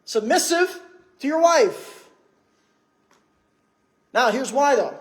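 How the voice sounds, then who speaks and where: A man's voice: extremely high pitch, expressive, slow pace. A man preaching a sermon in church, conversational, with many rhetorical questions. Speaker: pastor.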